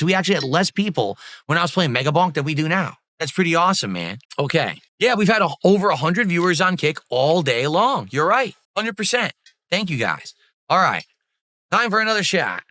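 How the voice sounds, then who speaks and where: A man's voice: high voice, big pitch swings, fairly quick, bright, forceful tone. A man chatting casually on a livestream, rambling, thankful and effusive, with casual swearing. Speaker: streamer.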